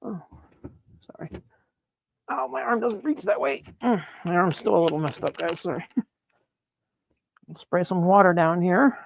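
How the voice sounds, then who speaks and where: Gravelly, excitable mushroom-growing man. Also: high voice, measured pace, long pauses, dry recording. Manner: excitable, chatty, laughs and apologizes often. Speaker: mushroom grower streaming live. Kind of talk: live-stream chat while working. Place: grow room, indoors.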